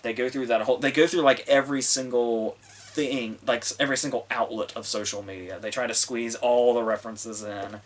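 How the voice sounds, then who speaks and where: A man's voice: medium pitch, fairly even intonation, brisk. A man reviewing a film on his podcast in a rambling, casual way, swearing often and restarting sentences. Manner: rambling, profane, full of fillers and restarts. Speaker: movie review podcast host.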